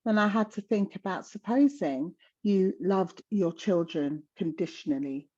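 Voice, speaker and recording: A woman's voice: mid-range voice, animated, measured pace, a little mellow, dull audio. A middle-aged woman with a South London accent, talking frankly and with energy in a casual conversation as a guest. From South London, England.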